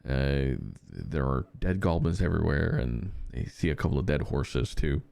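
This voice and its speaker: Low-pitched male podcast co-host, dry recording; loose, rambling storyteller who restarts sentences. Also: normal speed, creaky, warm tone, no echo. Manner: rambling anecdotes with frequent fillers and restarts. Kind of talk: casual chat.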